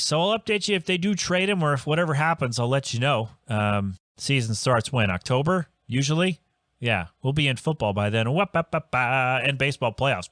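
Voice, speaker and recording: A man hosts his own podcast alone, rambling through a rant with exasperated asides and restarts. His voice sits at an ordinary middle pitch. The sound is dry and close, with no room around it. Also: a bit bright, no room sound. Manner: rambling, exasperated, self-interrupting. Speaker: podcast host. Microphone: home podcast microphone.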